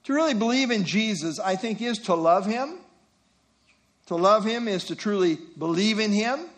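A man's voice: high voice, animated, normal speed, a bit bright. An older man preaching an expository sermon, teaching through verse references and rhetorical questions.

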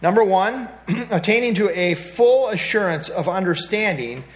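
A man with a slightly higher than usual voice teaches a Bible lesson from printed notes. He reads passages aloud, explains them, and often pauses to point his listeners to the next paragraph. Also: lively intonation. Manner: reads from notes with frequent fillers and restarts, pointing to the page.

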